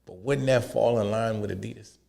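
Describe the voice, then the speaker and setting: A man's voice: on the low side, fairly quick, vocal fry, a little mellow. A man co-hosting a podcast in casual chat, blunt and joking as he rants. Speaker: podcast co-host. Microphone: headphones and podcast mic.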